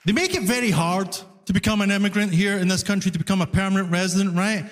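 A man's voice: sits high, fast talker, crowd noise, background noise. A man with a Glasgow Scottish accent doing a stand-up comedy set, telling stories animatedly and slipping into voiced asides. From Scotland. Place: comedy club stage with audience. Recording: live hall reverb.

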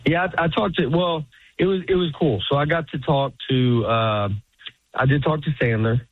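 A man's voice: fairly high pitch, normal speed, no room sound. A man, a stand-up comedian, chatting as an interview guest. He rambles, laughs often and acts out quoted lines. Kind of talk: casual interview chat. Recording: dry phone-like sound.

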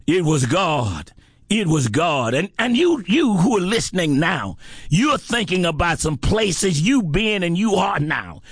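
A man preaching a sermon with impassioned delivery, repeating phrases and rising to shouts. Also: high voice, no room sound, clean studio sound.

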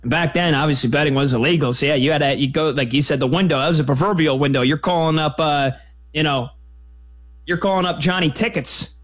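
A man hosting a sports talk radio show, taking callers in a quick, energetic, conversational way. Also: a little high.

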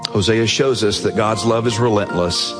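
A man preaching a sermon, telling a story earnestly and softening his voice at emotional points. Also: lowish voice, moderate pace, over music. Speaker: pastor. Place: church sanctuary. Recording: long reverb of a large hall.

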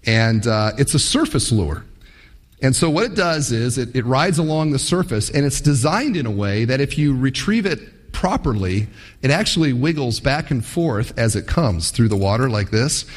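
A man preaching a sermon in an animated, folksy, playful way. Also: mid-range voice, normal speed. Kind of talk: sermon with storytelling. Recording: long hall reverb.

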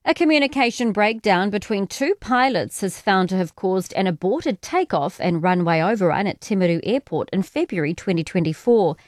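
A woman's voice: medium pitch, animated, normal speed, few pauses, a little mellow, dry recording, studio quality. New woman reading radio news. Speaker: radio newsreader. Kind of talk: scripted news bulletin. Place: radio studio.

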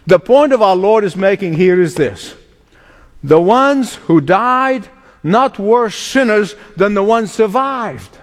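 A man preaches a sermon, his high voice swooping up and down as he lingers slowly over each phrase. He hammers his points with sudden emphatic bursts and chuckles between them. The sound carries a long reverb of a large hall. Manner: emphatic preaching with dramatic slowdowns and sudden outbursts. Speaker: pastor.

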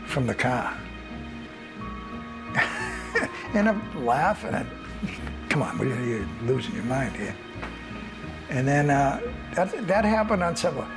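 An older man, a former airline agent, tells a personal story in a halting way and acts out the lines of the people he dealt with. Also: on the high side, poor audio. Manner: halting storytelling, acting out past dialogue. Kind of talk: personal recollection.

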